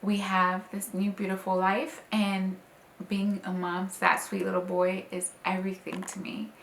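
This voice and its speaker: Young woman, new mom, casual heartfelt vlog delivery with filler words, medium pitch, recorded in a slightly echoey room. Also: monotone, a little slow, creaky, slight background noise. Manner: emotional, tender, many "like" and "um" fillers. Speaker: vlogger, new mother. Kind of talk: casual personal storytelling. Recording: slightly roomy with faint ambience.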